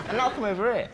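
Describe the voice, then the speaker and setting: A man's voice: high-pitched, noisy background. A man telling comic stories as a chat show guest, acting out little scenes. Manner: jokey, acts out little scenes. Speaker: comedian guest. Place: TV studio with audience. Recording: loud audience laughter in a studio. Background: studio audience laughing.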